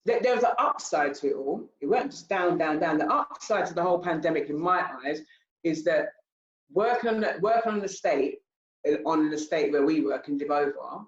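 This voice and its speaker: Roomy-sounding older woman. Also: low-pitched. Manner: animated, repetitive, acts out her own past speech. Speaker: charity founder. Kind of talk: interview talk. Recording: roomy, slightly dull sound.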